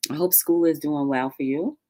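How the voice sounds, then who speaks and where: Low-voiced woman hosting a livestream. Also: normal speed. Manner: greets viewers by name in a high excited voice; reflective and heartfelt between greetings. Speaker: livestream talk show host. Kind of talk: casual livestream chat.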